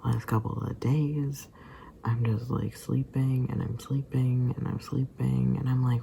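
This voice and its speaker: A man's voice: mid-range voice, flat delivery, measured pace, creaky, mellow, a little hiss or hum. A tired, sleepy man rambling casually to the camera, sometimes drifting into muttered whispers. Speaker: vlogger.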